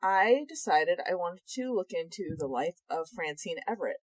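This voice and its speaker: A young woman co-hosting a casual podcast chat, animated and sarcastic, swearing freely. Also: on the low side, normal speed, dry recording, low-quality recording. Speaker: podcast co-host.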